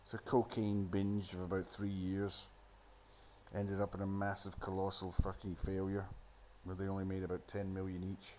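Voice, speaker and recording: A man's voice: low-pitched, completely flat delivery, moderate pace, darkish tone, slight background noise. A man rambling into a phone, giving a sardonic, profane running commentary on a film. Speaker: solo commentator.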